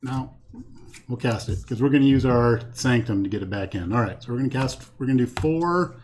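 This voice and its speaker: A man's voice: mid-range voice, lively intonation, fairly quick, a little mellow, a little hiss or hum. Man talking himself through a card game. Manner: thinks aloud, counts cards, talks himself through choices. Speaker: host playing a card game. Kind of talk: casual solo card game playthrough commentary. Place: home setup with a green screen.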